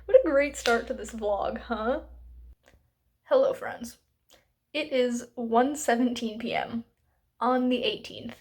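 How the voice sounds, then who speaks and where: A woman's voice: on the high side, steady tone, takes it slowly, pauses often. Chatty exasperated woman book vlogger. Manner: chatty and exasperated, many fillers. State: hiccuping. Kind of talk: casual reading vlog rant.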